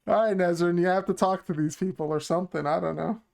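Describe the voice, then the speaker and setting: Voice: mid-range voice, fast talker, vocal fry, a little mellow. A game master running a tabletop session, speaking in a laid-back, hesitant way with many ums.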